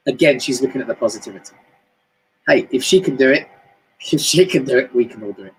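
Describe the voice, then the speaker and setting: A man with a British accent giving a chatty, animated motivational talk on a home live stream, often jumping up high in pitch. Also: moderate pace, long pauses, breathy edge, rough recording. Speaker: motivational speaker. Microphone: home live stream mic.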